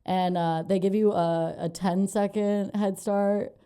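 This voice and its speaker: A woman's voice: mid-range voice, steady tone, measured pace, mellow, clean tone. A young adult woman, a comedian, telling a story in casual, profane podcast chat and laughing often. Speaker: comedian guest.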